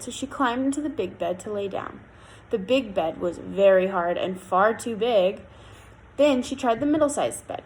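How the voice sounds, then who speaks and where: Expressive woman telling a fairy tale. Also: fairly high pitch, slight background noise, low-quality recording. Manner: expressive, lilting. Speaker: storyteller. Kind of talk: reading a fairy tale aloud.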